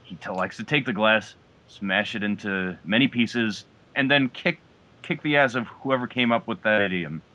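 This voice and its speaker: A man's voice: on the low side, moderate pace, sharp tone. A man co-hosting a podcast, chatting casually with dry, wry remarks. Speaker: podcast co-host. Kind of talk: casual wrestling recap chat. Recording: dull lo-fi mic.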